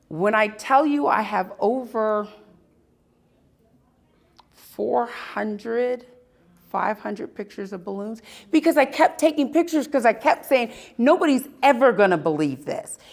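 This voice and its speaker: A woman tells personal stories to a live audience at an expo. She talks slowly, leaning on dramatic pauses, and her pitch swings widely as she stresses her points. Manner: animated, emphatic storytelling with dramatic pauses. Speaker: speaker at a spirituality expo. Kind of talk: live storytelling talk to an audience.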